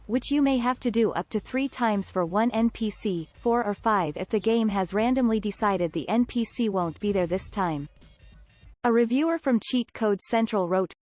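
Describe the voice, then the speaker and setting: A woman's voice: medium pitch, darkish tone. Woman narrating a game review. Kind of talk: scripted narration.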